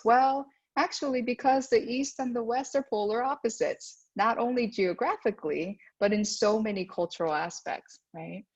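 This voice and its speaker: Addressing parents as a school's guest speaker, this woman from the United States keeps asking "right?" and performs the voices she quotes. She has a medium pitch that's a little mellow and slightly rough. The sound is dull and lo-fi.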